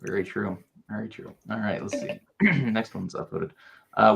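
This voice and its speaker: Male host, low gravelly voice, brief remarks, reads out questions. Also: normal speed, fairly bright tone. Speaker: host reading audience questions.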